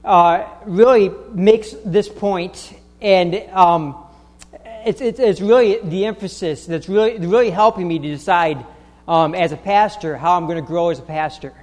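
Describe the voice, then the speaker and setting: A man preaching a sermon as pastor, talking haltingly with many restarts and fillers and pressing his points home with insistence. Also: sits high, darkish tone, in a large hall. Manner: grows emphatic and insistent. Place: church sanctuary.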